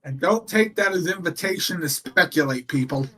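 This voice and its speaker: Man, high voice, opinionated co-host, heard from a bit away from the mic. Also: moderate pace, slightly rough. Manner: opinionated, animated, laughs often. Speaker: co-host on a wrestling watch-along stream. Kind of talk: casual livestream chat. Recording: voice sits distant from the mic.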